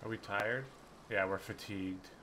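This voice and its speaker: A man playing a story game, reading its narration aloud with relaxed muttered asides. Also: fairly low pitch, normal speed, slight background noise. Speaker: game player. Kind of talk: casual let's-play commentary, reading game text aloud.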